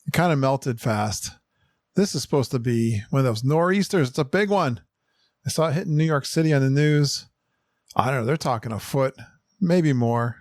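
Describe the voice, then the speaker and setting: A man's voice: medium pitch, expressive, moderate pace, dry recording. A man hosting a podcast, chatting in an upbeat way and laughing often. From Connecticut, USA. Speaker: podcast host. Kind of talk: casual podcast chat.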